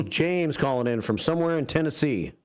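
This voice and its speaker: A man's voice: fairly high pitch, animated, normal speed. A man hosting a morning radio show from a studio, chatting casually with dry, self-mocking banter. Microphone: studio microphone.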